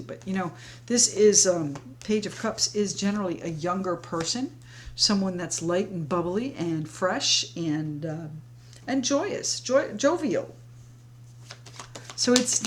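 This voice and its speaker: A woman's voice: fairly low pitch, slight background noise. A woman doing a tarot reading, talking in a flowing, reassuring way straight to her viewers as friends. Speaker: tarot reader. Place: home, sage burning nearby.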